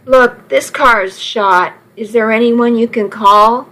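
Blunt, fed-up trucker with a soft heart, voiced by a female audiobook reader; slow, exasperated delivery. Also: a little high, steady tone, poor audio. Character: weary, gruff male trucker, soft-hearted.

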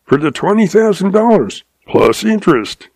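A shrewd old cowboy drawls along in a calm, folksy way, amused at everyone else, as a man puts him on. The voice sits well above the reader's own and keeps a gravelly edge. The sound is dry and close. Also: sits high, normal speed, dry recording, pitched above the performer's own voice, full character voice. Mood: sly calm. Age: older.

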